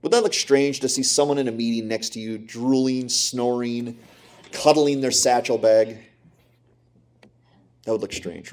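Emphatic male preacher. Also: fairly low pitch. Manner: emphatic preaching with rhetorical questions and repetition. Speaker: pastor. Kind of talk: sermon.

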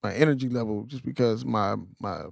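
Fast-talking, laid-back man in casual chat. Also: mid-range voice, gravelly, dry recording, studio quality. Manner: laid-back, profane, talks in quick bursts with restarts. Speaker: podcast co-host.

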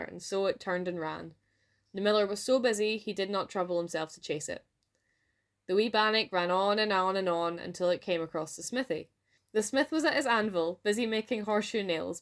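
A woman with a Scottish accent narrating a folk tale aloud in a lively storytelling manner. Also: mid-range voice, a little fast. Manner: lively read-aloud with voiced dialogue.

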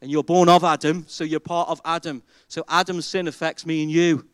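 High-voiced man preaching. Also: fairly quick, smooth, no room sound. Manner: animated, emphatic preaching with rhetorical questions. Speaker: pastor. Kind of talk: sermon. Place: church.

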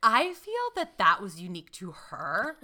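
A young woman from North Carolina co-hosts a casual podcast. She rambles and restarts her sentences, filling gaps with "like" and "um". Her voice is very bright and forward. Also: on the low side, very animated, normal speed. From Greensboro, North Carolina. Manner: chatty, rambling, lots of fillers and restarts. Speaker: podcast co-host. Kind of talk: casual chat.

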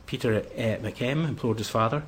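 A man giving a history lecture, pausing often with "uh" fillers between phrases. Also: mid-range voice, a little hiss or hum. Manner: hesitant, many "uh" fillers.

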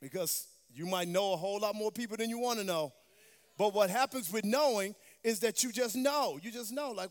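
A woman's voice: mid-range voice, expressive, brisk. Woman, preacher, sermon, emphatic, call-and-response, long echoing church hall.

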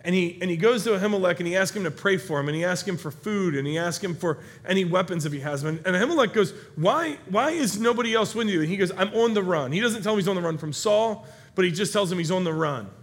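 A man with a high voice preaches a sermon, telling a Bible story in a lively, conversational way. He acts out the characters' lines, rising in pitch and volume as they shout. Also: fast talker. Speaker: pastor.

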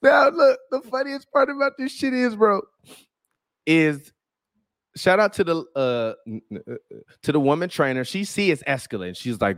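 Animated man riffing profanely on sports. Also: on the high side, moderate pace, no echo, studio quality. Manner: profane, animated, laughing riffs. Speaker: host. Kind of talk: casual comedic sports commentary.

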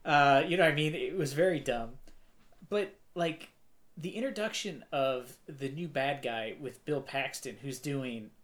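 A man's voice: medium pitch, unhurried, fairly bright tone. Rambling man reviewing a movie. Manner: rambling, filler-heavy, mocking quotes. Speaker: podcast co-host. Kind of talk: casual movie review chat.

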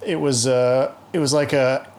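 A man's voice: mid-range voice, fairly even intonation, measured pace, a little mellow. A man with a mild Southern American accent, telling rambling, jokey stories in casual chat.

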